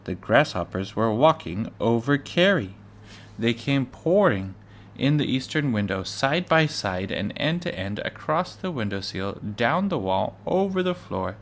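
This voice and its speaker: A man reading a children's book aloud, measured and with occasional stumbles. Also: fairly low pitch, a little hiss or hum. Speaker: reader.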